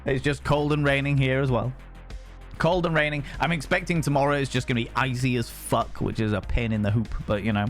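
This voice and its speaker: A man's voice: mid-range voice, fairly quick, faint music behind. A young man streaming and chatting casually, rambling from topic to topic, swearing freely and greeting viewers by name. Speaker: streamer reading chat. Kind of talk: casual chat.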